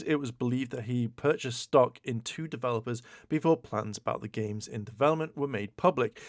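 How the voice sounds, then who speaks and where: Animated man riffing on gaming news. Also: medium pitch, dry recording, studio quality. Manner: animated, exclaiming, stammering repeats. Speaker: YouTube host. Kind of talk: casual news commentary.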